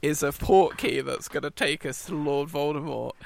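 A man's voice: fairly high pitch, moderate pace, gravelly, no room sound. A British man co-hosting a podcast in casual chat, joking and laughing often. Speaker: podcast co-host.

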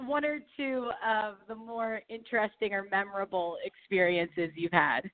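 A woman's voice: mid-range voice, fairly even intonation, normal speed. Playful woman host, tinny phone sound. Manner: playful, joking questions. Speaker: radio host. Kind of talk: casual chat interview.

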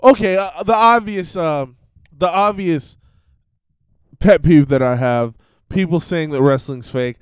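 A high-pitched man talks through a loose podcast rant, stopping and restarting his thoughts and swearing freely. His voice is smooth and unhurried, recorded dry and close. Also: no room sound. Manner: rambling, self-interrupting, profane, mock-voices people. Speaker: podcast host. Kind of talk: casual ranting monologue.

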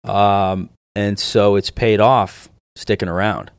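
A man's voice: lowish voice, steady tone, slow, clean tone, no echo, studio quality. A man who is a comedian guest, talking in a brash, profane, joking way in casual podcast chat. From based in New York.

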